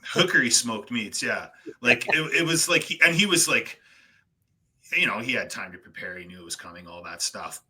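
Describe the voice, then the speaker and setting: A man hosting a casual podcast chat, telling stories in an animated ranting way and slipping into quick voice impressions. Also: fairly low pitch, breathy edge. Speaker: podcast host.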